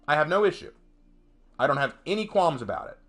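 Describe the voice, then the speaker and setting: A male streamer talks over his gameplay in a casual, ranting commentary. His fairly high voice leaps up and down as he presses his points with emphasis. He often restarts his sentences. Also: expressive, a little fast, fairly bright tone, soft background music.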